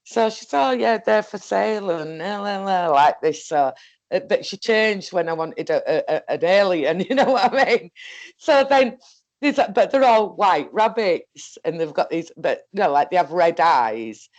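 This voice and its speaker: A woman's voice: fairly low pitch, animated, normal speed, darkish tone, muffled recording. A woman with a Northern English accent telling a story in casual chat, rambling along and laughing often. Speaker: co-host.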